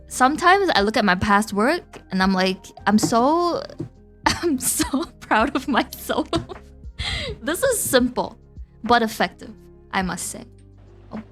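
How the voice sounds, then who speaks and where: Giggly and talkative, a young female VTuber streamer chats casually with her audience, often laughing between phrases, her voice pitched a little high.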